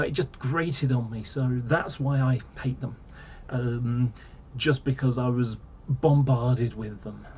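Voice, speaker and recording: A man's voice: on the high side, mellow, slight background noise. Rambling, exasperated man. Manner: rambling and exasperated, with many fillers and restarts. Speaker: vlogger. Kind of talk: casual rant to camera.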